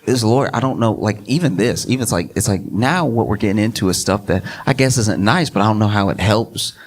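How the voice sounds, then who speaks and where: A male stand-up comedian telling a story on stage in an animated, conversational, self-deprecating way. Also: fairly low pitch, a little fast, breathy edge. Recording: live room with loud audience. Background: audience laughter.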